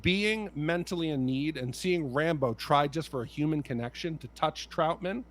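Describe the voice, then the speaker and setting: A man's voice: a little high, moderate pace. A man co-hosting a casual movie podcast, talking passionately and bluntly, swearing freely. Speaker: podcast co-host.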